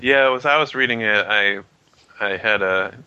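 A man casually discussing a comic book issue, rambling and halting with many fillers. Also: on the low side, sharp tone, smooth, dry recording, highs cut off. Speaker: comic book podcast co-host.

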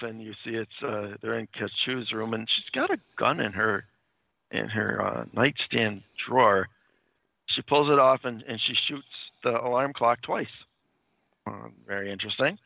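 A man's voice: mid-range voice, gravelly, pushed and bright, no echo. A man hosting a casual podcast chat about comics, talking in a rambling, hesitant way full of fillers. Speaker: podcast host reviewing comics. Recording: dull, lo-fi dry recording.

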